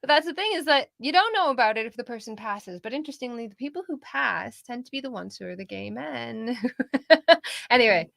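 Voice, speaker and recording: A woman co-hosting a political talk stream, chatting in an animated way with frequent laughter. Her voice carries a lot of vocal fry. The recording is dry and close. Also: on the high side, brisk, dry recording. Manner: animated, laughs while talking. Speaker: podcast co-host. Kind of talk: casual political discussion.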